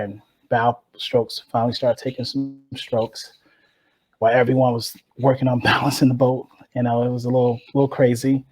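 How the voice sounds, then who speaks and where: A man from Chicago's West Side, a guest on a podcast, telling a personal story with lively energy and acted-out quotes. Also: mid-range voice, breathy edge. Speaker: guest, rower and author.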